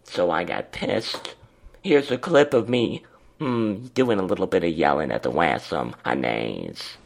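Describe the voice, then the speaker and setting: A man's voice: low-pitched, sing-song, measured pace, gravelly. A man hosting a show in a crude, campy, vulgar comedic monologue, drawling. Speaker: podcast host.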